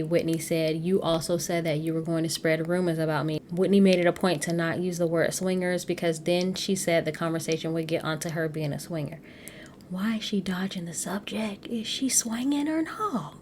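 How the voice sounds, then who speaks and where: A woman's voice: sits low, level tone, a little fast, a little mellow, slight background noise. A woman hosting a podcast, recapping a reality show in casual, gossipy chat and often laughing. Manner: chatty and gossipy, laughs often, addresses listeners as y'all.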